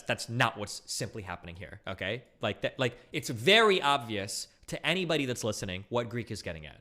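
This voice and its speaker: Male streamer host, rapid profane commentary, lively swinging delivery. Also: mid-range voice. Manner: animated, profane, rapid rants. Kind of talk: casual live-stream commentary.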